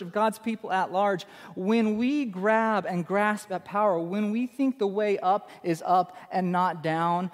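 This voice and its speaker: A man's voice: high-pitched, big-room sound. A man preaching a sermon as pastor, emphatic and conversational, repeating his key phrases for effect.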